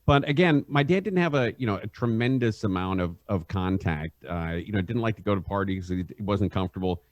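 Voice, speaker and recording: A middle-aged man, a radio host and podcast guest, telling rambling stories in a halting way and laughing through them. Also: on the low side, no echo, muffled recording. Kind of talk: casual anecdote telling.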